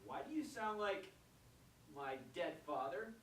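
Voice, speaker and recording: A man in a comedy troupe on a small theater stage, excitable and crude. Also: sits high, a little slow. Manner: excitable, crude, prone to outbursts. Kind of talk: live comedy sketch banter. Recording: very echoey live theater recording from a distance.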